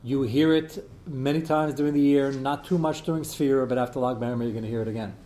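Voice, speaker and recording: A man teaching a relaxed Talmud class at a middle pitch. He reads passages aloud and then explains them in plain, chatty talk. He stops to take questions from his students as he goes. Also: quick pace. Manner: conversational, answers students' questions, drops Hebrew terms. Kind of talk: casual Talmud lesson.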